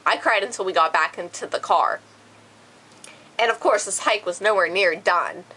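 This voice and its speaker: Bright, animated woman vlogger, swearing freely. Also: medium pitch, moderate pace, slightly rough, poor audio. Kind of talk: storytime vlog.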